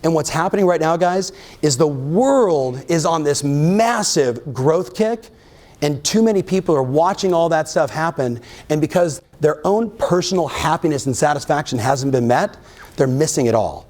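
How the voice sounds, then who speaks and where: A man giving an energetic motivational keynote to a live audience, often firing questions at the crowd. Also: fairly high pitch, moderate pace. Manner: energetic, keeps quizzing the audience. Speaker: real estate coach and keynote speaker. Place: live event in front of an audience.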